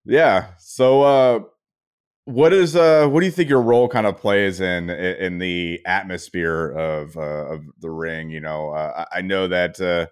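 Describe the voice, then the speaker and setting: A man hosts a relaxed interview with a low, smooth and resonant voice. He is easygoing, laughs often and asks questions in a loose, rambling way. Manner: easygoing, quick to laugh and agree. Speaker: podcast host. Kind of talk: casual interview.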